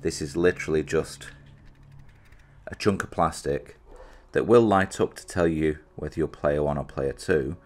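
A British reviewer whose voice is extremely low chats casually at a moderate pace while demonstrating a product he's unboxing. He thinks out loud and jokes at his own expense.

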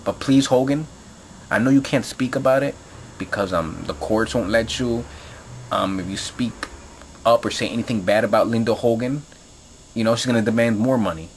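A man's voice: mid-range voice, normal speed, slight background noise. Man ranting angrily, swearing freely. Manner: heated, swearing, rambling with many fillers. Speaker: video blogger. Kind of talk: angry profane rant to camera.

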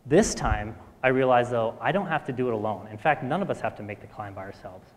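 A man in his thirties giving a motivational talk on stage, talking quickly and often clearing his throat. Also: medium pitch, animated. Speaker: speaker at a live talk event. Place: stage in a hall with an audience. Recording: reverberant hall.

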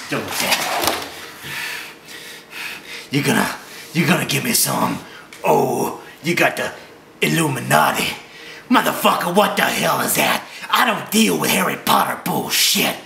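A man's voice: mid-range voice, creaky, sharp tone, slight background noise. A man ranting angrily at the camera with crude, aggressive swearing, recorded with a roomy echo. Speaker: vlogger. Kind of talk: profane angry rant.

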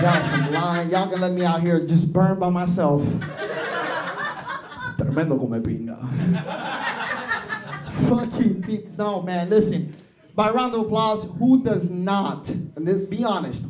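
A man's voice: sits high, background noise. A young man doing a brash, profane stand-up comedy set, dropping into Spanish. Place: small improv theatre stage. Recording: roomy live club recording with crowd.

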